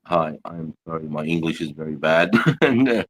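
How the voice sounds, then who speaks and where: Blunt Australian man with a deep voice. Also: expressive, moderate pace, a bit bright. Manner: blunt and jokey, calls people bro and mate. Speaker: guest on a livestream. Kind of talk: casual live-stream chat.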